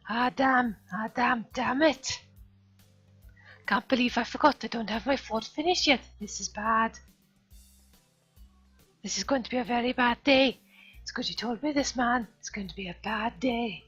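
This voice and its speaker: Woman putting on a panicky shut-in teen guy, yells and rants, kinda high voice, muffled stream audio. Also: a little slow, long pauses, slightly rough. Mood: frantic. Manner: ranting, panicky outbursts. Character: paranoid shut-in teenage boy, loud and frantic. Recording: dull lo-fi stream audio, faint music.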